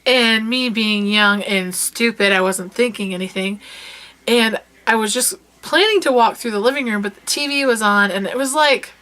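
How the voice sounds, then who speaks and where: Young woman, bright voice, casual chatty storytelling, animated. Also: a little high, moderate pace. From rural United States. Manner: animated, breaks into loud yelling when retelling. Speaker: vlogger.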